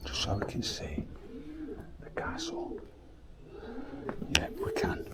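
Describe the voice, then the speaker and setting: A man's voice: extremely high pitch, wildly swooping pitch, normal speed. A man exploring an abandoned old building, talking in sweary, half-whispered, matter-of-fact asides. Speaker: urban explorer vlogger. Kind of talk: casual exploring commentary. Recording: loud background noise.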